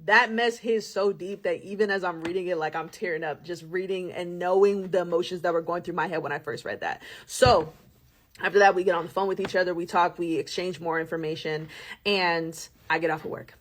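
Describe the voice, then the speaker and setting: A young woman telling a personal story in a casual, animated storytime style, with laughs and dramatic asides. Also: lowish voice, brisk, a little hiss or hum.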